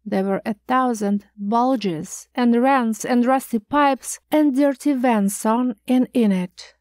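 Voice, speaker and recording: Slow, expressive woman audiobook reader. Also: a little high, no echo. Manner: measured, expressive storytelling. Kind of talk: scripted narration.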